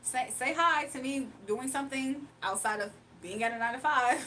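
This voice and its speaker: A woman's voice: high-pitched, normal speed, pushed and bright, slight background noise. A young woman from Virginia, hosting a livestream and reading out chat comments in a playful, sassy way with frequent laughs. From Virginia, United States. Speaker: livestream host.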